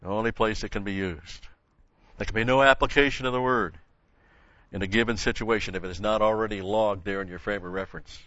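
A man's voice: fairly low pitch, steady tone, brisk, fairly bright tone, no echo. Older man preaching with emphatic stresses. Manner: emphatic, stresses key words, repeats phrases. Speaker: Bible teacher. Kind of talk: sermon. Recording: dull lo-fi sound.

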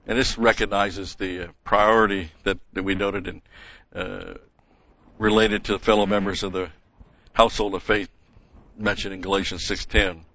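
A man teaching a verse-by-verse Bible lesson, methodical, explaining grammar and pausing with "okay?" and "uh". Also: deep voice, level tone, fairly bright tone, dry recording, dull audio.

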